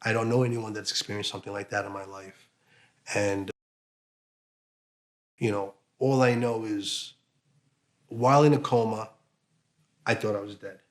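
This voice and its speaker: A man with a fairly low voice tells his own story in an interview. His speech is halting and emotional, broken by fillers and restarts. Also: fairly even intonation. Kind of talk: emotional personal testimony.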